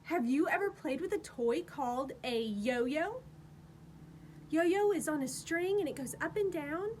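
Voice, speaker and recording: A woman's voice: high-pitched, animated, unhurried, a little hiss or hum. A woman, a children's librarian, reading a picture book aloud at storytime in a sing-song voice made big for young listeners.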